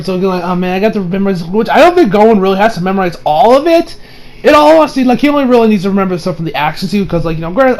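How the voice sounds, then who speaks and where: A man with a high-pitched voice talks through an anime episode in loose, casual review style. He swears freely and drops into exaggerated character voices, jumping between hushed asides and loud, laughing bursts. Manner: animated, acts out characters with big voice swings and frequent laughter; swears freely, many fillers.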